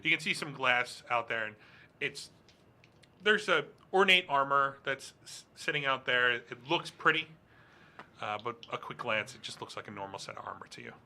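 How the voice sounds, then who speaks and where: Male game master, very bright tone, rambling and halting delivery. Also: mid-range voice, expressive, creaky. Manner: rambling, halting narration with many fillers. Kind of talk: narrating a tabletop game.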